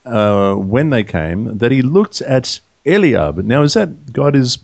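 A man with a gravelly, lively voice reads scripture aloud and trades jokes in a relaxed Bible chat. His pitch climbs and drops a lot, and the sound is dry and close. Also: takes it slowly, no echo. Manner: jokey, reads verses aloud, laughs often. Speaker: co-host reading scripture. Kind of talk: casual Bible study chat.

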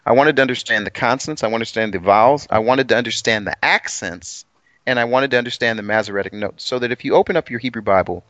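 A man's voice: medium pitch, quick pace, a bit bright, no echo. A man co-hosting a casual Bible study discussion, talking eagerly and poking fun at himself. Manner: eager and self-deprecating. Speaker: co-host. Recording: dull lo-fi sound.

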